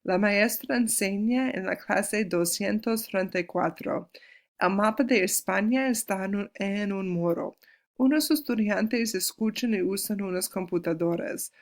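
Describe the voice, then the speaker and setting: Casting note: woman, Spanish teacher, gravelly edge, patient and clear, slows down to model words. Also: medium pitch. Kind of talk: recorded classroom lesson.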